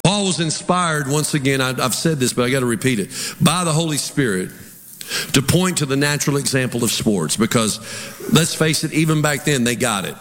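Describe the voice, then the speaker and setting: A man's voice: mid-range voice, animated, a little fast, noisy background. A man preaching a sermon as pastor, telling stories and firing rhetorical questions at his congregation. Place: church sanctuary. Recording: long hall reverb, audience.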